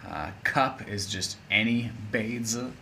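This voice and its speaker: A man teaching an English lesson, playful and chatty, with a bright, forceful voice. He speaks slowly and deliberately. A faint hiss of background noise sits under the voice. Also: lowish voice, creaky. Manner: playful, chatty, with spoken asides. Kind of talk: casual video lesson.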